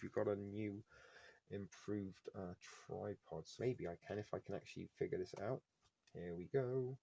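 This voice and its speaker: Middle-aged man, low-voiced live stream host, rambling and jokey, dry close sound. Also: mellow, dry recording. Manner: rambling, joking, full of fillers and tangents. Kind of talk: casual live stream chat.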